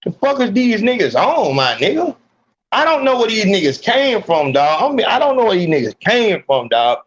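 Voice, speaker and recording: A man's voice: high voice, very animated, normal speed, husky, highs cut off. A man hosting a podcast, ranting bluntly with heavy slang and swearing. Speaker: podcast host. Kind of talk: profane ranting commentary.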